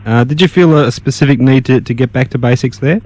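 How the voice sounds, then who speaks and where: An Australian man hosts a radio interview, putting short, plain questions and tripping over a word now and then. His voice sits mid-pitch. The sound is dry and close. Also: fast, darkish tone, no room sound. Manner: plain, brief questions with small stumbles. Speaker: radio host.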